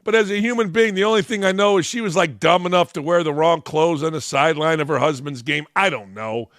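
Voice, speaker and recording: A middle-aged man with a fairly high voice delivers a blunt, mocking sports rant. His voice sounds close and dry, with no room around it. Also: fairly quick, a bit bright, no echo. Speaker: sports talk show host. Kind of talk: opinion rant.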